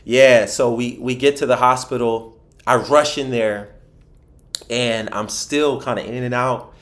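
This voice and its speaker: Podcast guest: a man from Philadelphia telling his life story, mid-pitched, animated, lots of restarts. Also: measured pace. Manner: animated storyteller, acts out what others said, frequent restarts. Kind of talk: personal storytelling in a podcast interview.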